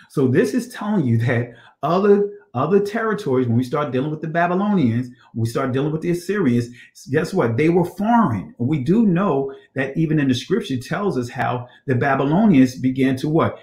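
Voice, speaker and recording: A man whose voice sits on the high side, a little mellow, teaches scripture study focused on ancient Hebrew in an echoey room. Reading passages out loud, he pauses for rhetorical questions and asks "all right?" to check in.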